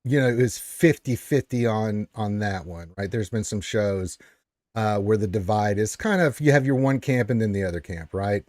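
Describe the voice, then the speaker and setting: A man's voice: lowish voice, normal speed, a little mellow, dry recording, clean studio sound. A man hosting a live stream Q&A. He talks in a boisterous, teasing way and keeps tagging his points with "right?". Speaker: show host.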